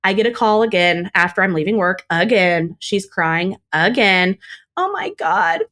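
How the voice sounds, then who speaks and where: A young adult woman as a podcast guest, casually recounting a story and acting out the quoted dialogue. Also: normal speed. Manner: animated retelling, acts out quoted dialogue with higher pitch.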